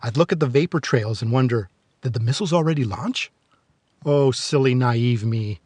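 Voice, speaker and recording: A man's voice: mid-range voice, normal speed, darkish tone, breathy edge, no room sound. A man in his forties hosting a film review podcast, narrating in a sardonic, darkly joking way. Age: 40s. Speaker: podcast host.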